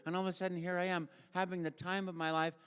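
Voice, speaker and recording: An older man, a voice actor, telling lively stories on a convention stage and filling them with sound effects and voices. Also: high voice, fast, clean tone. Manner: animated storyteller, full of sound effects and voices. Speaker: guest voice actor. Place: convention stage in a large hall. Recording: echoey convention hall.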